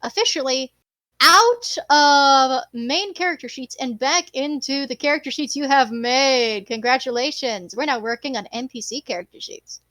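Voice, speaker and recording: A woman's voice: high voice, moderate pace, bright, forceful tone, dry recording. A woman narrating a tabletop game as game master, describing scenes in a playful way.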